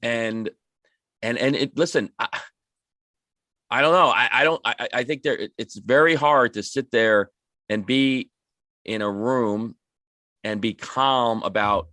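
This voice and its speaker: A man's voice: medium pitch, measured pace, long pauses, pushed and bright, dry recording. A man on a hockey podcast panel, talking about coaching in casual chat, rambling with many restarts and repeated words.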